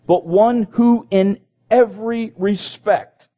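A man's voice: high-pitched, fairly even intonation, takes it slowly, mellow. A man preaching a sermon. He reads scripture aloud and breaks in with his own comments, repeating phrases as he goes.

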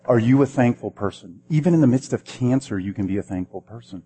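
A man's voice: medium pitch, animated, quick pace, dark tone. A man preaching a sermon in a conversational way, asking the listeners questions and often repeating words as he restarts. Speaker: pastor.

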